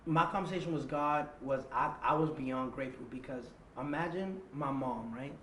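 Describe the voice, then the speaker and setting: A man's voice: mid-range voice, normal speed, a bit bright. A man, telling a tense personal story in an interview, acting out quotes and swearing freely. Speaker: interview guest. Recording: echoey room with faint ambient noise.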